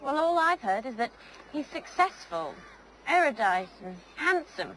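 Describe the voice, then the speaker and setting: A scheming young woman laying out a con, teasing yet matter-of-fact. Her voice sits high and light. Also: sing-song, a little slow, fairly bright tone, slight background noise, full character voice.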